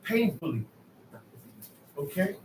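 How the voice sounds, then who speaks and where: A man's voice: high-pitched, sing-song, slow pace, background noise. A man teaching a bible study class, explaining scripture in colloquial everyday speech and checking in with "okay?". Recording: echoey room, mic far off.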